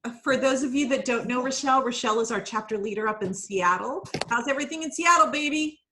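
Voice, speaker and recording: A chatty woman hosts a casual video call from home, greeting each newcomer by name. Her voice sits a little high, and she talks in an easy, friendly way into a computer mic. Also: fast, pushed and bright, slight background noise. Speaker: founder and host of a networking call.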